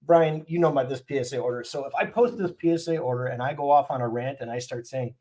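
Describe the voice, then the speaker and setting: A man's voice: medium pitch, quick pace, hardly any pauses, dark tone. Brief: man in a mid-range voice, blunt and fired up, casual live-stream host who rants.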